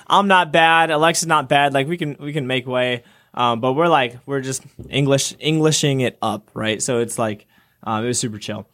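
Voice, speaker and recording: A young man co-hosting a casual talk show, telling a travel story with lively acted-out quotes. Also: normal speed. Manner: animated storyteller, acts out quotes with jumps in pitch. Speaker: podcast co-host.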